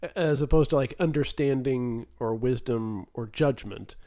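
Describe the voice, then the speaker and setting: A man's voice: medium pitch, normal speed, warm tone. A man co-hosting a casual podcast, teasing his partner and wandering off into rambling asides. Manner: joking, teasing, rambling digressions. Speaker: podcast co-host.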